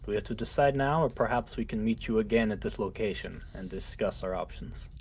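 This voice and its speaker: A man's voice: on the low side, fairly quick, darkish tone, slight background noise. Man asking courteous formal questions. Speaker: player. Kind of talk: in-character tabletop role-play.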